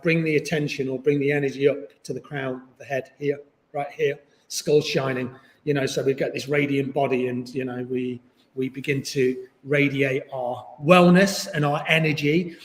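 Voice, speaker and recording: A man teaching a yoga class online, chatty and encouraging, with jokes about himself. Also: on the high side. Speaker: yoga instructor. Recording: echoey room with long reverb.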